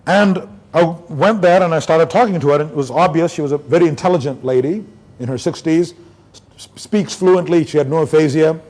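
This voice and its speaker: A man from India giving a neurology conference lecture, telling case stories and acting out his talks with patients. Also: a little high. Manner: animated storyteller, acts out doctor-patient dialogue.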